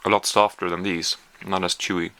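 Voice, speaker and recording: In a taste-test vlog, a man chats casually in a low, level, fairly quick voice with a pushed, bright quality, against slight background noise. He's hesitant and full of fillers, and sometimes talks while chewing.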